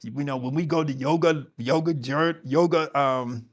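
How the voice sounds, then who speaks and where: A middle-aged man teaching yoga talks to his audience in a conversational, emphatic style, often backing up to restart a sentence. His voice sits on the high side at a normal speed.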